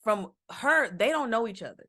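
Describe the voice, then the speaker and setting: A woman hosts a relationship podcast, talking casually. She murmurs quiet agreement and then gets animated when she lays out her point. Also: fairly high pitch, moderate pace. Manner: soft affirming back-channel, then animated explaining. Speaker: podcast host, wife.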